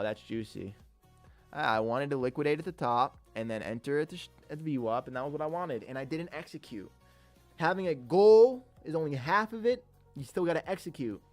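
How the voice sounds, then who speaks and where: A young man live-streaming his day trading, excitable and swearing often as he talks to his chat. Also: mid-range voice. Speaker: livestreaming day trader. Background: faint music.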